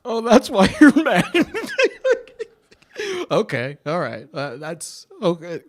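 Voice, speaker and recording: A man's voice: sits high, huge pitch swings, slow pace. A man co-hosting a podcast, laid-back and playful, often laughing. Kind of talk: casual chat.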